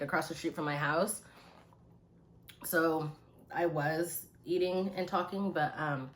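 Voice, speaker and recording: Female vlog host, lower voice, casual rambling chit-chat, phone mic, echoey room. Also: a little hiss or hum. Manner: relaxed, rambling, many fillers. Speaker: YouTube commentary host.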